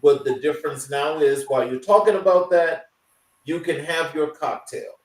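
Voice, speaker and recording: A man hosting a talk show, wrapping up the episode in a halting way, full of fillers and restarts. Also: on the high side, echoey room, recorded from a distance, low-quality recording. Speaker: show host. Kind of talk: casual show wrap-up.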